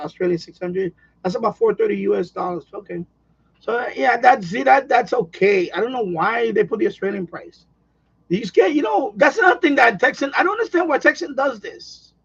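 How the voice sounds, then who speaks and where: A man hosting a radio hobby livestream, chatting casually with viewers in a rambling, excitable way with many restarts. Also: sits high, fairly quick, gravelly, slightly rough, dull audio. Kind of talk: casual livestream chat reading viewer comments.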